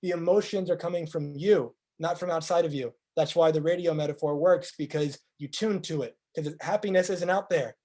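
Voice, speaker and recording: A man with a high, mellow voice delivers a motivational talk. He speaks earnestly and stacks up rhetorical questions to drive each point home. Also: moderate pace, hardly any pauses. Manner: earnest, acts out quoted speakers in lively voices. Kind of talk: motivational presentation.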